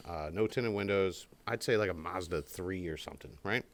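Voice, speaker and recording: Speaking at normal speed in a low-pitched voice, a podcast co-host rambles through a long story in casual chat. He acts out the quoted voices of the people involved.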